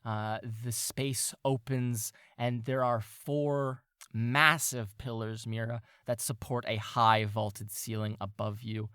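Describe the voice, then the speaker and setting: A man's voice: mid-range voice, level tone, takes it slowly, bright, forceful tone, smooth, dry recording, clean studio sound. A man narrating a tabletop game as game master, wandering through his descriptions and searching for words. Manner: meandering, searching for words with fillers.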